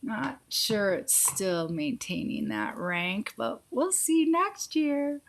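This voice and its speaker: A woman hosting a casual live psychic Q&A, reading viewers' questions aloud and answering them with quick intuitive yes-or-no readings, calling viewers sweetie and honey. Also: fairly high pitch, very animated, vocal fry, a little hiss or hum. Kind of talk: casual live-stream chat.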